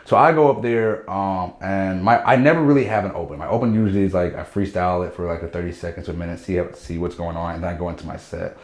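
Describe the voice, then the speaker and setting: A low-pitched man tells a story at a rapid clip, animated and slipping into other people's voices as he quotes them. The sound carries an echoey room around it. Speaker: stand-up comedian, guest. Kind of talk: casual storytelling chat.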